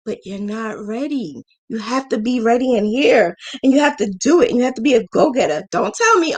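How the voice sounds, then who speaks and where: A woman with a fairly high voice talks frankly and emotionally to her viewers as a business mentor, scolding with affection. She tells stories animatedly, throwing her voice up high whenever she acts out other people. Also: brisk, hardly any pauses. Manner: animated storytelling, acting out quoted voices with big pitch jumps. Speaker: business mentor and crochet channel host. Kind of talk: live-stream mentoring talk.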